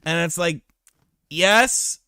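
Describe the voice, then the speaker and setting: A man's voice: a little high, drawn-out words, creaky, clear, resonant tone, no room sound, clean studio sound. A man hosting a podcast aftershow, telling a profane story in casual chat and answering viewers. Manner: animated, profane anecdote telling, reads live chat.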